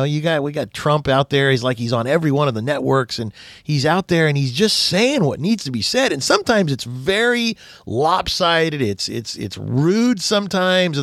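Brief: male radio host, slightly high, gravelly voice, lively swooping delivery, dry close studio sound. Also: no echo. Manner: animated, rambling, acts out quotes. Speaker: radio talk show host. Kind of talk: casual radio talk.

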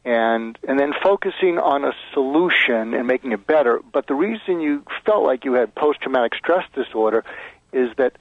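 A man's voice: mid-range voice, expressive, normal speed, no echo. A man being interviewed as a guest author, explaining step by step and acting out sample lines over a phone line. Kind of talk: advice interview.

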